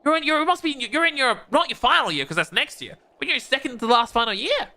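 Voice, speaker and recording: Bright high-voiced male game streamer, chatty with viewers. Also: sing-song, quick pace, slight background noise. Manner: playful, chatting with viewers while playing. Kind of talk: casual game stream chat.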